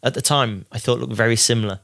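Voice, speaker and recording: A man, a racing driver guest on a podcast, telling casual stories in a lively way, often acting out what other people said. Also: mid-range voice, fast talker, creaky. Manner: lively, quotes others mid-story. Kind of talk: casual anecdotal storytelling.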